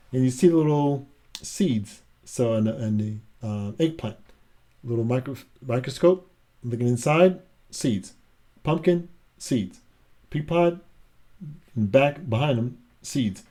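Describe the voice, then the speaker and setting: A man reads a children's picture book aloud in a relaxed, chatty way. He breaks off between pages to comment on the pictures. His voice is mellow and mid-pitched. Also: a little slow. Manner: chatty, adds asides and laughs between pages.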